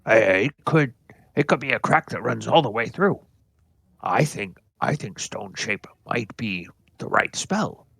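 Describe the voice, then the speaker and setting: A man's voice: medium pitch, big pitch swings, a little slow, gravelly, fairly bright tone, slightly rough, no room sound, pitched above the performer's own voice, heavily acted. A man voicing a nervous young dwarf student who answers eagerly and stammers a little.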